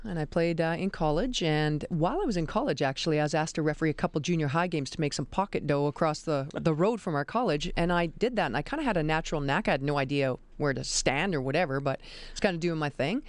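A woman's voice: low voice, quick pace, dry recording. A woman, a basketball referee and teacher, is a guest on a radio show in the studio and tells her stories with animation, acting out the voices she quotes. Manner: lively, animated storyteller who acts out quoted voices. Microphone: studio microphone.

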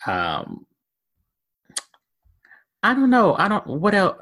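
A man co-hosting a casual fan podcast, relaxed and hesitant, with frequent fillers. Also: high voice, slow pace. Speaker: podcast co-host.

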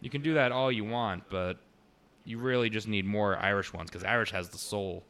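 A young man talking casually on a podcast, his voice bright and clear, slightly low in pitch. He is animated, swears a lot and slips into quick impressions of movie lines. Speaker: podcast co-host. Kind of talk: casual chat.

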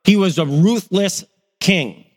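A man's voice: sits high, takes it slowly, big-room sound. A middle-aged male pastor, telling stories in a sermon and acting out the voices in them. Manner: animated storyteller, acts out quoted voices. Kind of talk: sermon with personal storytelling.

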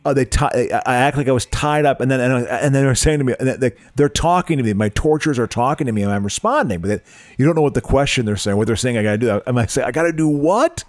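A man's voice: mid-range voice, fast talker, no echo. A man co-hosting a casual comedic chat, stammering and laughing often as he tells stories. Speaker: podcast co-host.

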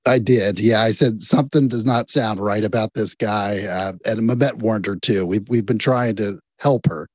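A man's voice: fairly low pitch, moderate pace, a little mellow, no echo. Man, radio staffer, direct interviewer, dry close mic. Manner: direct, probing questions.

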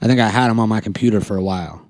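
A man's voice: on the low side, very fast, a little mellow, no echo. Joking male podcast host, dry sound. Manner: joking, laughs often. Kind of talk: casual podcast chat.

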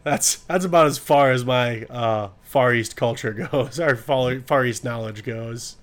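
A man's voice: mid-range voice, a little slow. Laughing, joking male podcast host. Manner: laughing storyteller, crude and joking. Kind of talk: casual podcast chat and anecdote.

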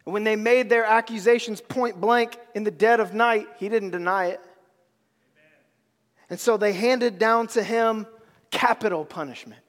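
A man's voice: high-pitched, steady tone, unhurried, fairly bright tone, in a large hall. A man preaching a sermon, with emphatic repetition and casual slang.

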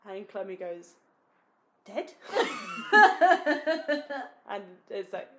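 This young woman chats casually as a podcast co-host. She tells her stories with a giggle and pokes fun at herself. Her voice sits at a middling pitch for a woman. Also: fairly quick. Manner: giggly, storytelling, self-mocking. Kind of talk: casual chat.

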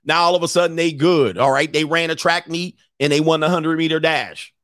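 A man's voice: a little high, fairly even intonation, brisk, a bit bright, no echo, studio quality. Blunt, profane man ranting on a livestream. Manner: blunt and profane, laughs between points, repeats phrases. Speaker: life coach hosting a live stream. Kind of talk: casual livestream rant answering super chats.

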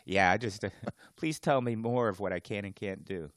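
Male podcast co-host, lower voice, wry and teasing; dry close-mic sound. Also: normal speed, a bit bright, dry recording. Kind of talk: casual podcast chat.

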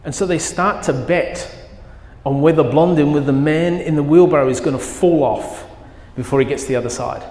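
A man's voice: on the high side, normal speed, a little mellow. A man preaching a sermon as pastor, telling a story with vivid, emphatic quoted lines. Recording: echoey hall with long reverb.

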